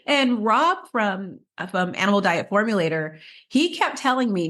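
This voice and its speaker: A woman's voice: mid-range voice, sing-song, normal speed, few pauses, fairly bright tone. A woman co-hosting a casual podcast, telling stories in a chatty way with many restarts and laughs. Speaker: podcast co-host.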